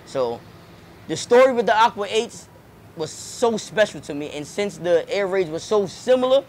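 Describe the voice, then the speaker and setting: A young man talks fast and loose, swearing and doubling up his words as he tells his story. His voice sits a touch high for a man. Faint background noise runs under the recording. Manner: animated, profane, slangy, repeats words. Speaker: rapper and comedian, interviewee. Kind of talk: casual storytelling interview.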